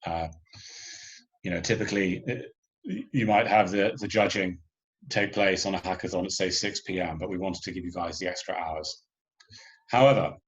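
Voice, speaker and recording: A man's voice: sits low, dull audio. A man organizing a hackathon, explaining the submission and judging rules in a loose online workshop briefing, full of fillers and restarts.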